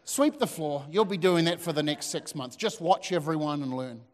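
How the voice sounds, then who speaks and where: A man, preaching a sermon as a pastor, telling lively stories with asides to the congregation. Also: on the high side, moderate pace. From New Zealand. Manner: animated storytelling with asides to the audience. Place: church hall. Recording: long hall reverb.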